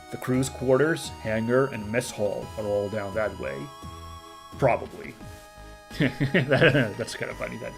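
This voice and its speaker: Man reading a game aloud on stream. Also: fairly low pitch. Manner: reads narration evenly, breaks into chatty excited asides. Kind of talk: reading game text aloud with casual commentary.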